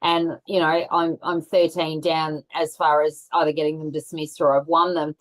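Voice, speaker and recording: A woman's voice: low voice, level tone, normal speed, poor audio. A woman talking as a guest in casual conversation over a video call, rambling with many fillers and restarts.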